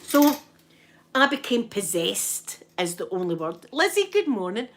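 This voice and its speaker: Telling a story to her viewers at a measured pace, this Scottish ASMR streamer has a medium pitch and a bit of hiss or hum behind her. She keeps it casual and lively, voicing other people's words and often asking "right?"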